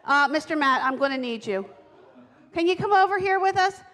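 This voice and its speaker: A woman with a high, fairly bright voice and lively intonation speaks briskly as she leads a playful children's time during a church service, coaxing the kids to sit down and play a game. She's in a church sanctuary on a handheld or lapel mic, and the recording carries a long church reverb.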